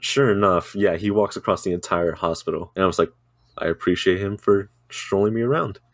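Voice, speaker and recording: A man's voice: low-pitched, fairly quick, dry recording. A man co-hosting a podcast, telling a rambling story in casual chat, swearing freely and laughing often. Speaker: podcast co-host.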